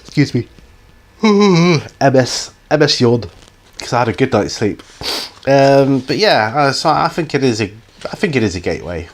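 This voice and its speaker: Answering viewer questions on his hobby channel, a middle-aged man speaks at normal speed in an expressive, medium-pitched voice. His casual Q&A chat is hesitant and meandering, full of ums and restarts, with a little hiss or hum in the audio.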